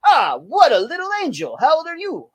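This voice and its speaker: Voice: huge pitch swings, brisk. A host doing a growling German coach. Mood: fawning. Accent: bad put-on German. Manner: growling, shouting, pitch jumps high. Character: angry middle-aged male gymnastics coach.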